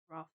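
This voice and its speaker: A young adult woman streaming a game, chatting in a casual, emotional, reflective way.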